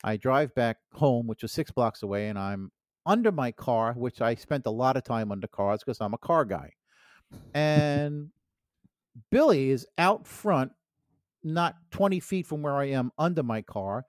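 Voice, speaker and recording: A man's voice: mid-range voice, lively intonation, a little slow, no echo, studio quality. A middle-aged man co-hosting a podcast, telling a childhood story in a rambling, casual way with restarts and laughs. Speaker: podcast co-host.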